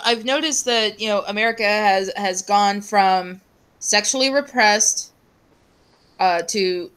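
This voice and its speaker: A woman's voice: medium pitch, a bit bright, clear, resonant tone. Swearing woman co-host, casual chat. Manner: laughs often, reads chat aloud, swears casually.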